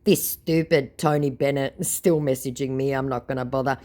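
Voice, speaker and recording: A woman's voice: very deep voice, steady tone, fairly quick, warm tone. A woman, sarcastically retelling a chat with a scammer in a mocking tone. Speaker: scambaiting vlogger.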